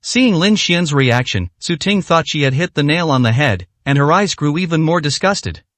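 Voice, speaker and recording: A man narrating a dramatic story in a scripted, expressive reading. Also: on the high side, moderate pace, dry recording.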